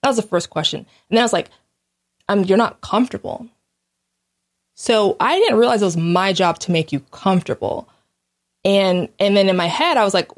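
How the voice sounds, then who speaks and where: A woman speaking frankly in a casual solo monologue. She is blunt and animated, with restarts and light laughs along the way, in a voice of middle pitch for a woman. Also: moderate pace, pauses often. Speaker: host.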